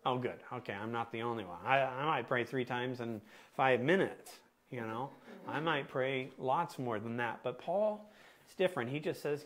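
A man preaching a sermon as pastor, asking the congregation questions and pausing to stress words. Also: mid-range voice, a bit bright. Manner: asks the congregation questions, deliberate emphatic pauses.

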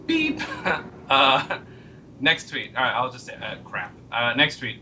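A man's voice: medium pitch, wildly swooping pitch, unhurried, sharp tone, a little hiss or hum. A man, a comics artist, chatting casually as an interview guest, telling a story with many fillers and chuckles.

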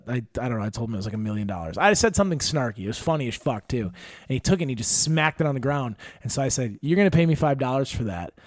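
In a dry, clean studio recording, a young man with a mid-range voice hosts a laid-back podcast. A stand-up comedian from Wisconsin, he spins energetic, rambling stories laced with profanity.

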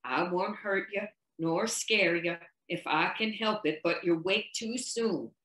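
A woman reading the lines of a quiet, grim male orderly, low and deliberate. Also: roomy sound, low-quality recording.

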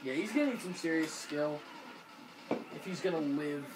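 A man casually commentating co-op gameplay with friends, excitable, often yelling and laughing. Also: on the high side, moderate pace, background noise. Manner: excitable, yells and laughs during fights. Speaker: gamer playing co-op with friends.

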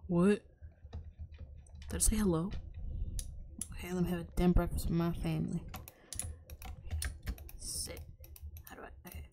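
A woman's voice: fairly low pitch, fairly even intonation, a little slow, pauses often, warm tone, slight background noise. A young woman streamer chatting casually through a horror game, swearing freely and often dropping into a whisper. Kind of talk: casual let's-play commentary.

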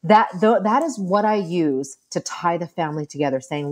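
A woman's voice: fairly low pitch, normal speed, hardly any pauses. A middle-aged woman, a family therapist, chatting casually as a guest and acting out quoted lines as she tells stories. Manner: animated storytelling, acts out quoted lines. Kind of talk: casual interview talk.

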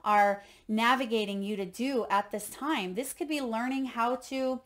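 A woman doing an oracle card reading as an intuitive coach, speaking gently and encouragingly to her viewers. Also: fairly high pitch, a little slow. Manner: gentle, encouraging, tells parables.

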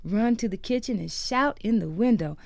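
A woman giving an animated first-person reading of a former slave's account, in rural dialect. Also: mid-range voice, normal speed, vocal fry, dry recording. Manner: lively, animated dialect storytelling.

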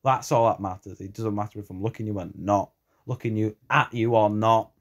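A man's voice: fairly low pitch, fairly even intonation, a little fast. A man vlogging from home, rambling through a casual reaction and leaning heavily on "you know" and restarts. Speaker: reaction video creator. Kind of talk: casual rambling talk to camera. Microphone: camera set up at an odd angle.

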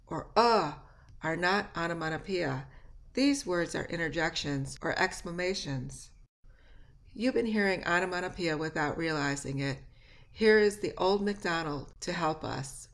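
A woman teacher reading a lesson aloud at a slow pace, singing a nursery rhyme and acting out animal and object sounds in high, loud bursts. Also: creaky.

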